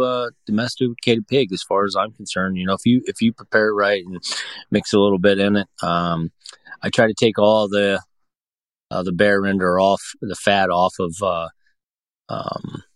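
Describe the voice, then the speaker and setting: A man's voice: lowish voice, no echo. A man from the Pacific Northwest chatting casually as a podcast guest, rambling with lots of fillers and restarts. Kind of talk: casual chat.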